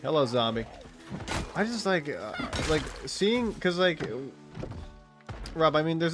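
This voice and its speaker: A young man streaming a game, chatting in a rambling, crude, giggly way. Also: a little high. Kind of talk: casual chat while streaming a game.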